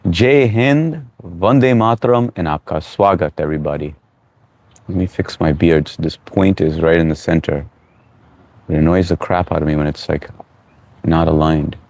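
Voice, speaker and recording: A man hosting a casual live stream, greeting viewers by name, reading their chat comments aloud and giving relaxed, encouraging advice. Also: very deep voice, moderate pace, long pauses, no room sound.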